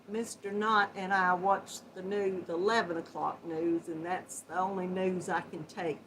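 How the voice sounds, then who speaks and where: Slow, bright-voiced Southern woman. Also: mid-range voice, slight background noise, low-quality recording. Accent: Southern US, Georgia. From Georgia, US. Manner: warm folksy greetings with terms like hon and sweetheart; slow, chatty, laughs often. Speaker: host of a yarn chat livestream. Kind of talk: casual livestream chat greeting viewers. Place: home, seated at a computer. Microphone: built-in laptop microphone.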